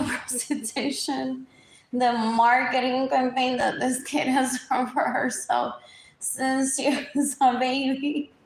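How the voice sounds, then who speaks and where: A woman, rambling through a live-stream monologue, repeating herself and dropping into whispers. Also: high-pitched. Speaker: livestream host. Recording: echoey room, faint background noise.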